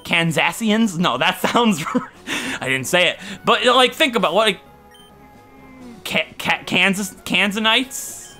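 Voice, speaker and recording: With faint game music in the background, a young Ohio let's play gamer jokes around casually with his viewers while he plays. He speaks slowly in a high, bright voice with lively intonation and a forceful tone.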